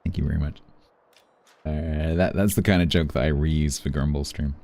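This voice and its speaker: A man's voice: very deep voice, fairly even intonation, moderate pace, creaky, a little mellow. A man streaming a naval game, chatting casually and thanking viewers as he plays. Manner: chatty, thanks viewers between play remarks. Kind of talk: casual live-stream chat.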